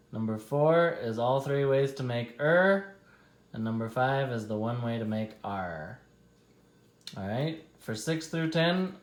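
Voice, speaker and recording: A man teaching a class, dictating a spelling test slowly and deliberately, stretching out each test word. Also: mid-range voice, echoey room.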